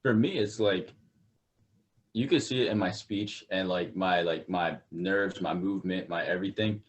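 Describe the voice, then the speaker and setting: A young man talking as a podcast guest in casual chat, slow, relaxed and laid-back. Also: sits low.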